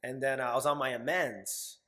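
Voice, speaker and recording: A young man in his twenties talks as a guest in a casual interview. His voice sits at an ordinary middle pitch. He tells his stories candidly, swears freely, and acts out the things he once said. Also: steady tone, brisk, sharp tone. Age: 20s. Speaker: podcast guest.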